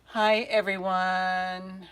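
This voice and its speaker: A woman's voice: lowish voice, flat delivery, extremely slow, fairly bright tone, clean tone. A woman hosting a live jewelry sale stream, chatting casually and muttering to herself while fighting her devices, then greeting viewers one by one. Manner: flustered, chatty, muttering to herself over tech trouble.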